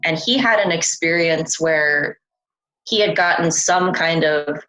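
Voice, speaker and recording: Woman interview guest, deep voice, relaxed storyteller, chatty. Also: measured pace, rough recording. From California. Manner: chatty, relaxed, loose with fillers. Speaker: interview guest, experiencer researcher. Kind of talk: casual conversational storytelling.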